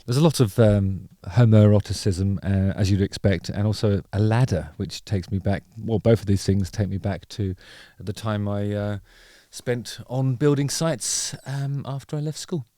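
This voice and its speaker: A man's voice: on the low side, moderate pace, few pauses, mellow, dry recording, studio quality. A middle-aged man hosting a casual music video reaction, rambling and wry with playful digressions.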